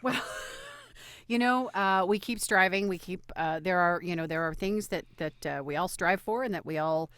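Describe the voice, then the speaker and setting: A woman's voice: lowish voice, moderate pace, a bit bright, clear, resonant tone. A woman co-hosting a podcast in casual chat, chatty and encouraging with a rambling flow. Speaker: podcast co-host.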